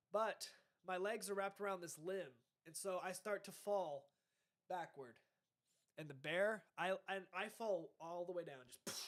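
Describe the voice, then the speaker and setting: Young man, podcast host, high voice, rambling, trails off, casual chat. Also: fairly bright tone. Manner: rambling, trailing off, self-correcting. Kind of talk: casual podcast chat reacting to dating tips.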